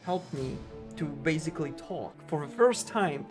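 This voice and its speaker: A German-accented speedrunner takes his time as he streams a game, chatting in a meandering way and saying "like" over and over. His slightly high voice is expressive, and game music plays in the background.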